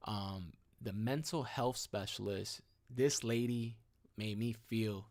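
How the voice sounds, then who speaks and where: Slangy, energetic man telling a story. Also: slow. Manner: slangy, energetic, peppered with "boom" and "mad cool". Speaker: host of a live stream. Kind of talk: casual storytelling.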